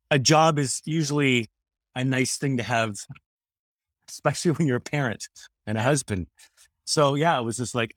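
A man in his thirties speaks earnestly as a podcast guest. His talk rambles and he often restarts sentences. His voice is mid-pitched and sounds dry and close, with no room sound. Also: a bit bright, no room sound. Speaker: guest, former radio host. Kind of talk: casual conversation.

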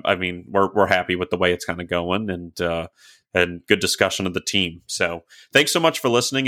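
A man's voice: low voice, bright, forceful tone. A man co-hosting a casual sports podcast, rambling with lots of fillers before an upbeat sign-off. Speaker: podcast co-host.

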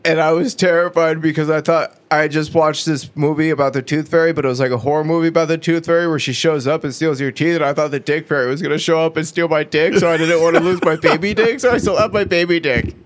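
Joking man, slightly high voice. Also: steady tone, fast, few pauses. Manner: joking, profane, full of filler "like". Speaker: podcast co-host. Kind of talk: casual chat.

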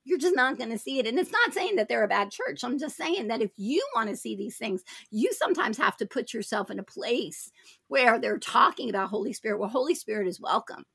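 A woman hosting a faith talk show, telling spiritual stories in an emphatic way, jumping into loud, high voices when she quotes people. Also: big pitch swings, brisk, gravelly, breathy edge, no room sound, studio quality. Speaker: host. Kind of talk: animated charismatic testimony chat.

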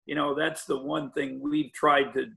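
A man's voice: fairly high pitch, little pitch movement, unhurried, creaky, pushed and bright. An older man, a college basketball head coach, talking in a rambling podcast interview with lots of restarts and fillers. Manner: rambling, many restarts and "you know" fillers. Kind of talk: podcast interview over a call.

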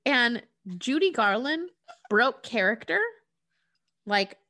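A woman's voice: on the high side, expressive, slow pace, pushed and bright. Chatty woman telling a story. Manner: chatty, frequent "like", swears casually. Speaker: podcast co-host. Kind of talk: casual storytelling chat.

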